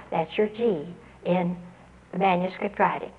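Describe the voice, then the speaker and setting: A woman telling an audience how she taught a student to read. She speaks earnestly and spells out letters and their sounds slowly. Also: mid-range voice, lively intonation, narrow, tinny audio, slight background noise. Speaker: literacy teacher giving a talk. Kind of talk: storytelling address to an audience.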